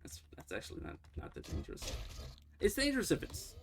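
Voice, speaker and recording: Gravelly man rambling over gameplay. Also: fairly high pitch, wildly swooping pitch, fairly quick, slight background noise. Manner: rambling, self-correcting, laughs at himself. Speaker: livestreamer playing a game. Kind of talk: casual gameplay commentary.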